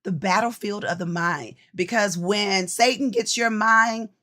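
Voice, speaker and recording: Lively woman coach teaching devotionally. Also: mid-range voice, a little slow. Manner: lively, repeats phrases for emphasis; chatty, addresses listeners directly. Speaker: women's ministry coach.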